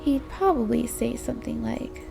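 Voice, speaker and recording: A woman's voice: fairly high pitch, moderate pace, gravelly, music in the background. A young woman narrating a visual novel in a wistful, weary inner-monologue voice. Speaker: game voice-over reader.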